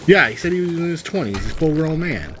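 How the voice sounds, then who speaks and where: A man reads a story aloud and breaks off into sarcastic, rambling asides. His voice is bright and forward, and faint clicks sit in the background. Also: on the high side, sing-song, quick pace, a little hiss or hum. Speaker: story reader and commentator. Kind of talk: reading a story with comic commentary over gameplay.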